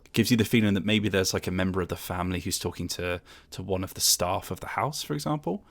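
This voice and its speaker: A man narrating a tabletop game as its game master. His voice sits a little low, and he talks in a loose, relaxed way, full of fillers. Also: quick pace, gravelly.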